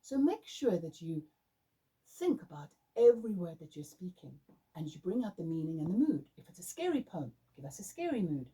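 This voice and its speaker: A woman's voice: lowish voice, big pitch swings, normal speed, mellow, husky, low-quality recording. A woman adjudicator giving emphatic, demonstrative coaching tips to young performers. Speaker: drama adjudicator. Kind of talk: instructional talk to performers.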